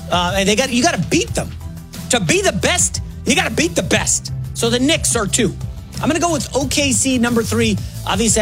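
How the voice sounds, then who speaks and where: A man in his forties filling in as host of a sports radio show, talking fast and excitedly with quick asides and self-corrections. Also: high voice. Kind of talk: energetic sports talk.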